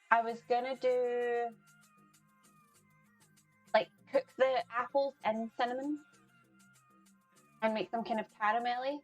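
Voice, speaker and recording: A woman hosts a live cooking stream from her home kitchen, chatting casually, laughing often, and greeting viewers in the chat by name as she cooks. Her voice is fairly high. The recording quality is low.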